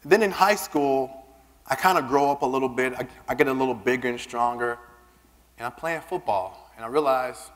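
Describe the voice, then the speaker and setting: Animated man speaking in a reverberant hall. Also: mid-range voice, normal speed. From Southern United States. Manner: animated, acts out quoted voices, repeats words when starting a line. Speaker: keynote speaker. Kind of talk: personal storytelling speech. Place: large conference hall.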